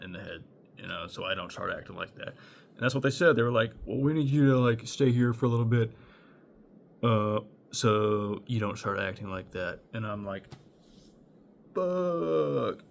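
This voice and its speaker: A man's voice: on the low side, a little hiss or hum. A young man telling a chaotic personal story in a loose, rambling way, swearing often and laughing between thoughts. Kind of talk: casual storytime.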